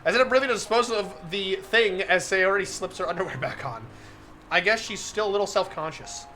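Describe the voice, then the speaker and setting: A man's voice: high voice, brisk, bright, forceful tone, faint music behind. A man on a live stream reading a visual novel aloud, getting flustered, laughing often and breaking off to comment to his chat.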